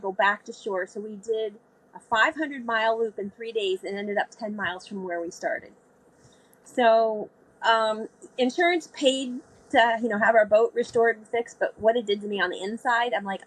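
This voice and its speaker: Husky woman telling a sailing story. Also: mid-range voice, rough recording. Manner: animated storyteller, acts out quoted speech. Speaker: guest, sailor. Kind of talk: storytelling interview.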